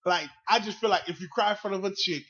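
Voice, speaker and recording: Fast, husky, high Southern US man. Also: a bit bright. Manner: blunt, profane, rambling. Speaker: podcast co-host. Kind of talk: casual storytelling chat. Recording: dull lo-fi audio.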